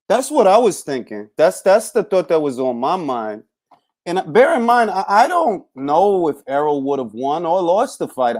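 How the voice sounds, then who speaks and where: A man's voice: medium pitch, a little mellow. Man, casual live-stream host, laid-back, talks boxing, greets viewers by name.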